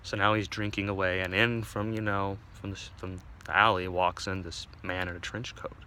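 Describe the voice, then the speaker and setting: A man telling a comic story aloud, playful and animated, recorded on a phone outdoors. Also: sits low, moderate pace, slight background noise. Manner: animated, playful, voices many characters. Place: outdoors at a cemetery.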